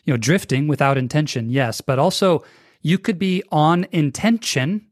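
A man's voice: fairly high pitch, moderate pace, no echo, studio quality. A man being interviewed on a podcast, talking with energy and acting out the voices he quotes. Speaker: guest.

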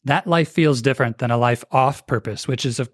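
A man's voice: medium pitch, a little fast, dry recording, studio quality. A man being interviewed on a podcast, talking with energy and acting out the voices he quotes. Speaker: guest.

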